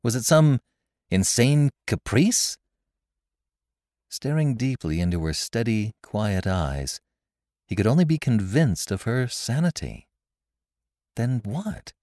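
A man narrating a classic story in a measured, expressive way, recorded close on a studio mic. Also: on the low side, dry recording. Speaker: narrator and podcast host.

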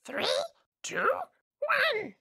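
This is a bratty storybook goblin boy, put on by a woman reading aloud. The voice sits extremely high and leaps all over, with a bright, gravelly fry under it. He cackles and whines slowly, in a dry close sound. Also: wildly swooping pitch, no echo, heavily acted. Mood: gleeful. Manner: squeaky, cackling and whiny. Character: bratty little goblin boy, tricky and whiny.

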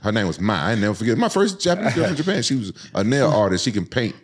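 A man in his forties, a podcast co-host, telling profane, animated stories in casual chat. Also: racing, husky. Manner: animated, profane, jumps to high voices for quoted people. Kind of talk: casual storytelling.

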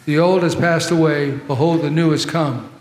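A man's voice: fairly high pitch, normal speed, darkish tone. Preaching man in an echoey church. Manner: conversational preaching with asides to the congregation. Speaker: pastor. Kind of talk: sermon. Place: large church sanctuary. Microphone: troublesome handheld or body mic. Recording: echoey church hall with long reverb.

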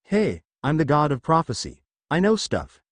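A man's voice: fairly high pitch, wildly swooping pitch, moderate pace, dry recording. A man voicing a boastful young male sun god in a fan story reading, breezy and teasing. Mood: playful.

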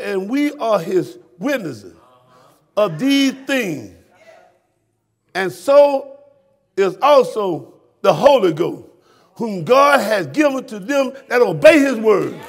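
High-voiced shouting Southern preacher man. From Florida, US. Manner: preaching with shouted peaks and sudden hushed drops. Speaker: pastor. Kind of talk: fiery sermon.

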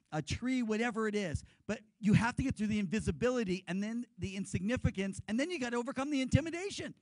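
A male pastor preaches in a lively way, telling stories and getting the congregation to repeat words back. His voice is unusually high for a man, and the sound is close and dry. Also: no echo, rough recording. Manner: lively storyteller, leads the congregation in call-and-response. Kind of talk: sermon.

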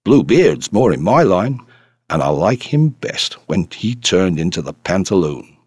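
A boisterous, rough-kind Canadian farmer in an audiobook, as a male reader puts him on, his voice bounding all over in pitch. The tone is low and husky, close and dry. He talks eagerly, as if ready to leap up. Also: big pitch swings, measured pace, a little mellow, dry recording, full character voice. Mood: jovial.

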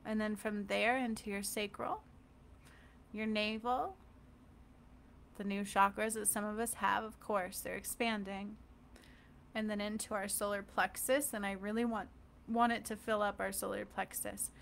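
Woman, energy healer, guided meditation; middle pitch, gravelly fry, soft and rambling delivery. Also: fairly even intonation, a little slow, a little hiss or hum. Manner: soft, unscripted, with fillers and gentle check-ins.

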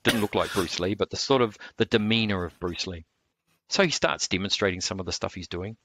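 A man, telling stories in a relaxed interview, rambling with lots of fillers and restarts. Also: low voice, a little fast, slight background noise. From New Zealand. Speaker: martial arts instructor.

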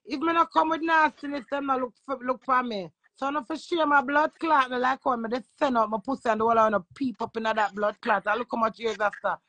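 A woman's voice: high voice, steady tone, fairly quick, few pauses, pushed and bright, dry recording. A Jamaican woman ranting brashly and crudely on a phone live stream, defiant toward her critics. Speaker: social media personality. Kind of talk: instagram live rant.

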